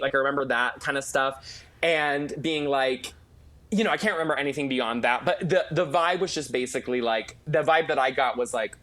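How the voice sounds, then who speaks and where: A man's voice: on the high side, quick pace. A man, a makeup artist, telling a gossipy story in a casual interview, full of restarts and swearing. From Los Angeles. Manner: animated, profane, gossipy storytelling with many restarts. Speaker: guest, celebrity makeup artist.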